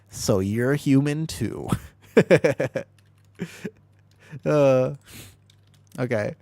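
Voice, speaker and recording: A man streaming an online game as a healer, rambling excitably through casual commentary, swearing freely and laughing often. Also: medium pitch, drawn-out words, long pauses, dry recording. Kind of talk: casual live gameplay commentary.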